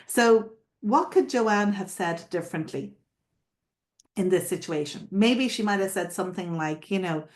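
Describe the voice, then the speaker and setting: Her voice sits in the mid range and moves a little slowly as she coaches florists on selling. The teaching is conversational, with frequent check-in questions and repeated points.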